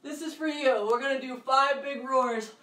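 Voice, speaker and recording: At home, a woman leads a live kids' workout, calling out moves and counts in an upbeat, encouraging tone with loud bursts on the counts. Her voice sits high at a normal pace. She's off-mic and recorded from a distance in an echoey room.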